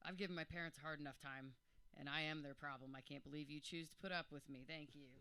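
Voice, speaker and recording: A man's voice: fairly high pitch, steady tone, fast talker, bright, forceful tone, clean tone. A man in his forties, overwhelmed and joking, rambling through thank-yous to friends at his birthday roast. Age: 40s. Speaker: birthday roast guest of honor.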